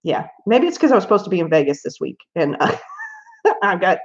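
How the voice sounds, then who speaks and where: A woman's voice: lowish voice, very animated, brisk, highs cut off. A woman hosting a casual livestream at home while she colors, chatting in a rambling way and laughing often. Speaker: livestream host.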